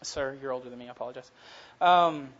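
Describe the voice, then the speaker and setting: A man's voice: mid-range voice, fast talker, a bit bright, muffled recording. A young man in his twenties preaching a casual, earnest sermon that swells into passionate emphasis. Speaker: youth preacher.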